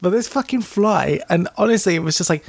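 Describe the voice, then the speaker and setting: Gravelly man swapping crude jokes. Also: high voice, lively intonation, a little fast, a little hiss or hum. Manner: jokey, swears a lot, laughs mid-sentence. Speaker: podcast co-host. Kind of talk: crude casual banter.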